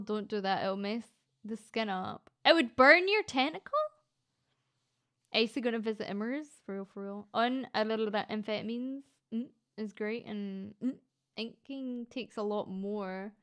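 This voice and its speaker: Scottish woman, live-stream chat, playful, swears casually, a touch high-pitched. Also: a bit bright, clear, resonant tone. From Scotland. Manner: chatty, playful, swears casually, quick to laugh. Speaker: VTuber streamer reading chat.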